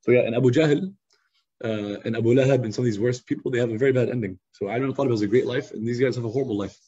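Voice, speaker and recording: Homem de fala rápida e rouca. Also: male voice, mid-range voice, rapid-fire, breathy edge. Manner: lively, conversational, acts out quotes. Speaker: youth study circle teacher. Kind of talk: casual storytelling lesson. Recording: slightly muffled lo-fi recording.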